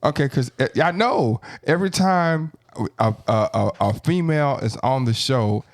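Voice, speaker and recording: A man's voice: mid-range voice, lively intonation, normal speed, no room sound, clean studio sound. A man hosting a podcast, rambling and playful, often cutting in on others. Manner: rambling, self-interrupting, playful. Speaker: podcast host. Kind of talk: casual podcast banter.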